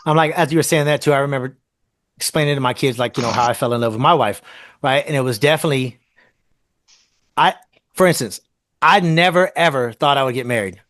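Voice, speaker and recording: A man's voice: medium pitch, brisk, long pauses, fairly bright tone, no room sound. A man chatting casually on a podcast, frank and swearing freely, often asking rhetorical questions. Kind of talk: casual chat.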